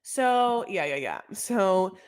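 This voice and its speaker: A woman's voice: mid-range voice, sing-song, slow, no echo. A woman casually recapping a reality show, gossipy and full of filler words, calling listeners honey. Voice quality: gravelly vocal fry.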